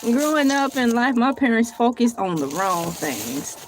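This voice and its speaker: A woman's voice: fairly high pitch, big pitch swings, a little slow, a little hiss or hum. A woman vlogging on her own, reading aloud and joking with viewers in a playful, theatrical way, laughing often. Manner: colloquial, addresses viewers as y'all. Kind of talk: casual solo vlog, reading aloud and joking.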